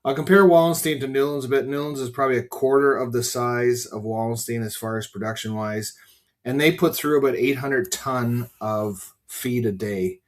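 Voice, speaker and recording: A middle-aged Canadian farmer hosting a casual livestream podcast, rambling and frank, swearing casually and talking to viewers by name. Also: male voice, medium pitch, fairly even intonation, moderate pace.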